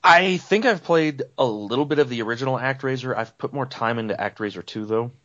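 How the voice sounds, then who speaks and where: Male co-host, mid-pitched, easygoing explainer, dry and dull mic. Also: fairly quick, a bit bright, no room sound. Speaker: podcast co-host. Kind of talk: casual chat.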